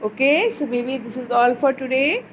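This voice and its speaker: A woman teaching a young child phonics, reading words slowly and clearly and repeating them. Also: high voice, expressive, slight background noise, rough recording.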